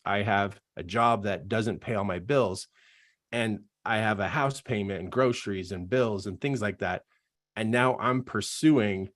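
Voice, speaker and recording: A middle-aged man, a coach, giving an earnest, emotional personal testimony in a live online talk and laughing at himself. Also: fairly low pitch.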